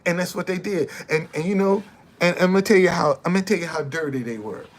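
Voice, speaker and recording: A man's voice: high voice, fast. A middle-aged man, a former bus driver, telling his story in casual, emphatic talk and repeating his points.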